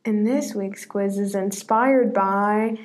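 A woman's voice: medium pitch, slow pace. Chatty young woman, podcast co-host. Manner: chatty, giggly, acts out quotes. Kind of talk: casual chat.

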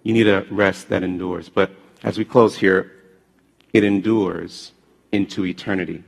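A man preaching a sermon, telling stories in an animated way and swinging from loud bursts to hushed tones. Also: low-pitched, measured pace, creaky. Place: church sanctuary. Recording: long hall reverb.

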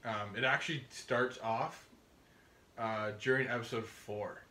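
A young man from Canada co-hosting a podcast in casual chat, rambling and excited with lots of fillers. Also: medium pitch, measured pace. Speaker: podcast co-host.

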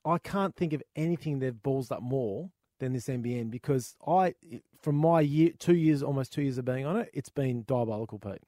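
Aussie bloke on a gaming podcast, mellow voice, swears a lot, dry close sound. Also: male voice, medium pitch, normal speed, hardly any pauses, no echo. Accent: Australian. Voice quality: swears freely, exasperated ranting. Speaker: podcast co-host. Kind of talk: casual chat.

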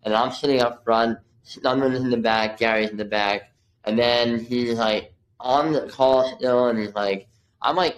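A man's voice: mid-range voice, unhurried, highs cut off. A man in his thirties speaks as a guest on a casual interview podcast. He talks in a medium voice, spinning a story with lots of "like" fillers and bits of acted-out dialogue. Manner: animated, acts out quotes, many fillers like "like". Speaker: guest, videographer.

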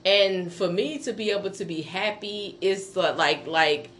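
A woman's voice: medium pitch, a little slow, a bit bright, a little hiss or hum. A woman co-hosting a casual faith podcast, laughing often and stumbling over her words. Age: adult. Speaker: podcast co-host. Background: music.

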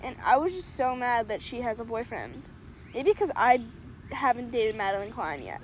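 A young teenage girl with a high voice tells stories to a friend in an excited, dramatic way. She acts out what others said. A faint hiss of background noise sits under her voice. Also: moderate pace. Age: young teen. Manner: excitable storyteller, dramatic quoting. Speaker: podcast co-host. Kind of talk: casual chat.

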